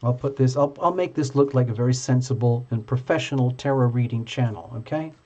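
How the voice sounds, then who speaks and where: A man with a mellow, warm voice hosts a live tarot reading. He talks in a chatty, playful way and reads the card texts aloud slowly. The sound is dull and lo-fi, like stream audio. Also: mid-range voice. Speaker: tarot reader.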